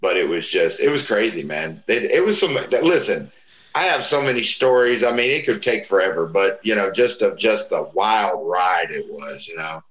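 A man's voice: fairly low pitch, normal speed. A middle-aged man telling stories in casual talk, acting out the voices of the people he quotes. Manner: animated, acts out quoted voices. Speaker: guest. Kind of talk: casual storytelling. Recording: roomy echo.

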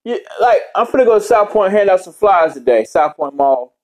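High-voiced man ranting and swearing. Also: very animated, a little fast. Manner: heavy swearing, rambling tangents. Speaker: vlogger. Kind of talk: casual rant.

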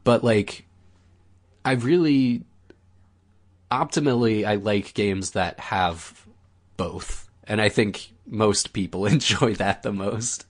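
A man's voice: on the low side, slow, long pauses, slightly rough. An American man co-hosting a casual podcast, easygoing, laughing often and leaning on fillers. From United States. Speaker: podcast co-host asking questions.

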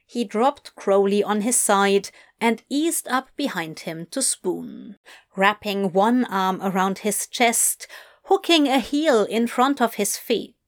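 A woman narrating fan fiction in a soft, hushed, intimate reading voice. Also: mid-range voice, lively intonation, takes it slowly.

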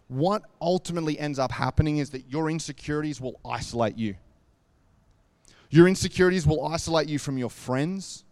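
A man's voice: fairly high pitch, no echo. Earnest, chatty male preacher. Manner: earnest and conversational, with lots of "like" and asides. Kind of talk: devotional talk retelling a scripture story.

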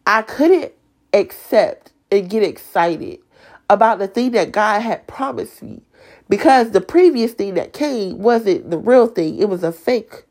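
A woman with a raspy, sinus-strained voice giving an emotional, earnest faith talk as a Bible study leader, stuttering and restarting as she goes. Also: mid-range voice, animated, unhurried, a little mellow. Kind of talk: casual devotional talk.

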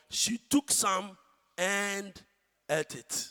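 High bright ghanaian guy preaching, big swings from shouting to hushed, echoey hall. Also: expressive, a little slow, long pauses. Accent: Ghanaian English. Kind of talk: sermon. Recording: church hall reverb.

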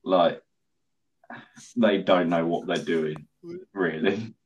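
Young man, lowish voice, casual and blunt, swears a lot, laughs easily. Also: takes it slowly, slightly rough, muffled recording. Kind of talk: casual chat.

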